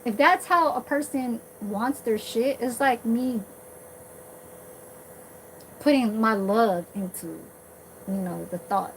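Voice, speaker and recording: A woman's voice: on the high side, slow pace, long pauses. Profane rambling woman vlogger, noisy recording. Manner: blunt, profane, rambling with many fillers. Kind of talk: casual rambling monologue.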